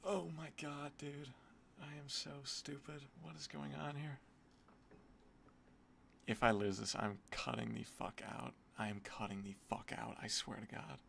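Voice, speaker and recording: Exasperated male gambling streamer, gravelly low voice, cursing, slight noise behind. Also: steady tone, measured pace, fairly bright tone. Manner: swearing, exasperated, muttering. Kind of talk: casual gambling commentary.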